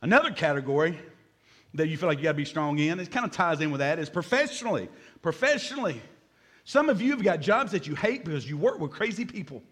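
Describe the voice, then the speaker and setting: A man in his fifties, a pastor preaching a sermon in a lively, joking way, acting out little scenes and calling for amens. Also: a little high, fast. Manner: lively and joking, acts out voices, calls for amens from the congregation.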